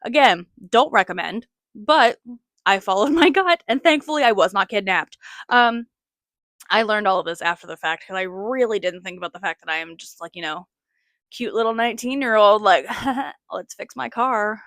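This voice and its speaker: Late 20s woman rambling thru a story on her podcast, bright voice, dry close sound, lots of likes. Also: medium pitch, expressive, moderate pace, dry recording. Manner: chatty, frequent "like" fillers, self-mocking. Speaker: podcast host. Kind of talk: casual storytelling monologue.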